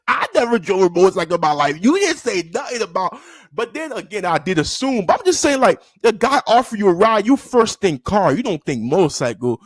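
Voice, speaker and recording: Young man in a lively, slangy storytime. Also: moderate pace, no echo. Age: young adult. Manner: animated, acts out quotes with sudden high-pitched yelps; loose slangy talk full of fillers and restarts. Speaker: vlogger telling a story. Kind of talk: casual storytime.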